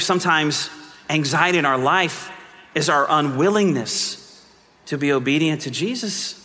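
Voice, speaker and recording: A male pastor delivers his sermon in an earnest, conversational way, stumbling and restarting as he builds his point. His voice sits high and bright. The sound carries the long reverb of a church sanctuary.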